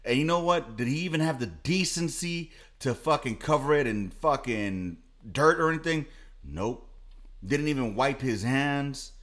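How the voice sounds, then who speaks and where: A man's voice: medium pitch, animated, unhurried, fairly bright tone. A man from Los Angeles, co-hosting a podcast, telling crude stories and laughing. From Los Angeles, California. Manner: profane, laughing, swaggering storyteller. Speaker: podcast co-host. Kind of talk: crude casual chat, storytelling.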